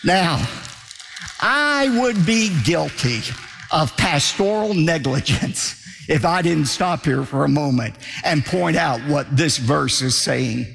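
A man's voice: on the high side, lively intonation, slow, gravelly, a bit bright, long reverb tail, soft background music. A male pastor delivering a sermon in an emphatic, declamatory way, driving points home by repetition.

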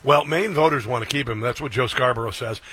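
A man hosting a talk radio show, speaking emphatically with quick agreeing interjections. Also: mid-range voice, fairly bright tone, slight background noise.

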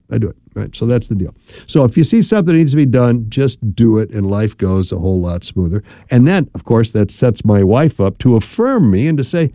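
Middle-aged guy on talk radio, very dark mellow voice, dry close mic, rambly and chatty. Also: medium pitch, moderate pace, dry recording. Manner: chatty, rambling, animated asides. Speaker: radio host and marriage counselor.

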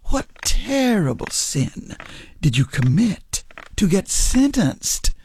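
A woman's voice: mid-range voice, sing-song, slow, dark tone, slight background noise. An actress playing an eerie, sly old woman in a radio drama, purring her words and dropping into whispers. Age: older.

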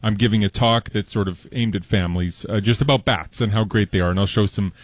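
A man's voice: on the low side, a little fast, dry recording. A man talking as a science guest on a radio show, chatty and rambling with fillers. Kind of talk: casual radio interview.

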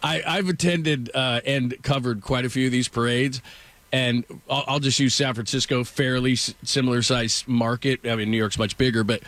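A man's voice: mid-range voice, fairly even intonation, normal speed, fairly bright tone, dry recording. Rambling middle-aged male sports host. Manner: rambling storyteller with frequent asides. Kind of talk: casual sports talk.

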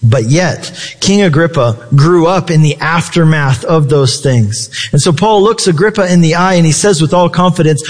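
A man's voice: fairly high pitch, normal speed, few pauses, in a large hall. A male pastor preaching a sermon in a conversational way, asking the congregation rhetorical questions.

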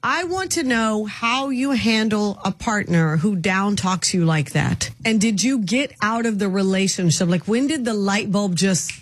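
A woman's voice: medium pitch, a little slow, hardly any pauses, no echo. A woman radio host talking in a sassy, blunt way about a caller. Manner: sassy, blunt, calls people honey. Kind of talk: talk radio commentary.

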